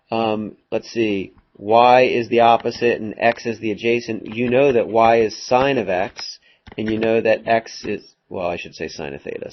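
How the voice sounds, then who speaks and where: A male math teacher giving a casual classroom lecture, rambling a little with fillers and quick asides to his students. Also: medium pitch, a little hiss or hum. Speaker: high school math teacher. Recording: dull lo-fi classroom recording.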